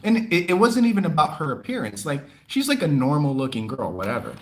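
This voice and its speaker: A young man hosting a livestream, chatting casually and telling a story in an animated, expressive way. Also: a little high, a little fast. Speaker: livestream host. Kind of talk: casual chat.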